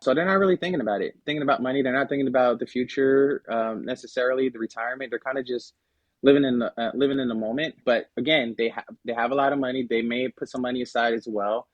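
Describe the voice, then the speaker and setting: A podcast guest, a man with a medium-pitched voice, talks quickly and casually as he explains things, full of fillers and restarts. The recording has no echo, and its high frequencies are cut off.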